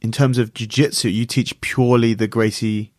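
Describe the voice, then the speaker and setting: A man's voice: medium pitch, steady tone, normal speed, darkish tone, dry recording, clean studio sound. A man hosting a podcast who interviews his guest and adds short remarks of encouragement. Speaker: podcast host.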